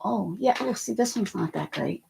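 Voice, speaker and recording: A woman hosting a casual art livestream from home, chatty and self-mocking, laughing often and muttering softly to herself as she works. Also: medium pitch, lively intonation, normal speed, creaky, noisy background. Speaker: art channel host.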